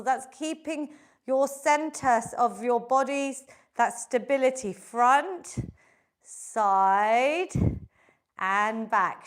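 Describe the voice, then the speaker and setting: High-voiced woman leading a slow, encouraging workout. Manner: encouraging, chatty coaching with counting. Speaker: fitness instructor. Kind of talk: live online exercise class.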